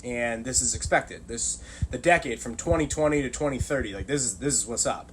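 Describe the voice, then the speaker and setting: A man's voice: mid-range voice, a little fast, low-quality recording. A middle-aged man hosting his own channel, talking casually in a loose, rambling monologue full of fillers. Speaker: channel host.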